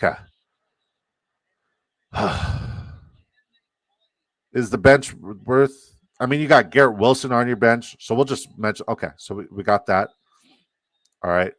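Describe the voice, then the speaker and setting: A man's voice: medium pitch, slow pace, pauses often, no echo. A man with a Canadian accent, hosting a live fantasy football stream, rambling and swearing as he reacts to chat.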